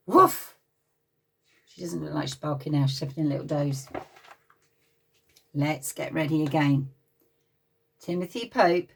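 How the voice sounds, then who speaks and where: A woman's voice: deep voice, distant mic. A woman reading a picture book aloud to small children at playgroup, with an English accent, stopping often to chat and get them to join in. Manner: lively, expressive, pauses to talk to the children. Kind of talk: read-aloud storytime for young children.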